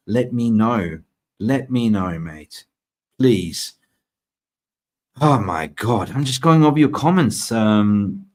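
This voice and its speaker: Man from Sweden, fan stream host, chatty, excitable, live chat style. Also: medium pitch. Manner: excitable, chatty, reads comments aloud. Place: in Thailand.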